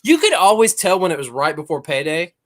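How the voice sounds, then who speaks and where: A man's voice: fairly high pitch, big pitch swings, fairly quick, fairly bright tone. A man co-hosting a casual podcast, teasing and joking in playful patter about beers and Navy life. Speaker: podcast co-host; Navy veteran.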